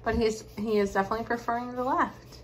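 Doting high-voiced mother. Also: steady tone, fast, a little hiss or hum, low-quality recording. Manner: doting and playful, coos praise to her child. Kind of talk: casual family vlog.

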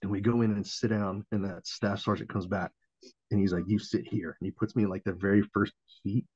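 Brief: man, 30s, low voice, animated swearing storyteller, dull lo-fi dry podcast sound. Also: fairly quick, breathy edge, no room sound. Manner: profane, animated, acts out quoted voices, laughs often. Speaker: podcast guest, Marine veteran and former Navy corpsman. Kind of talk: casual storytelling.

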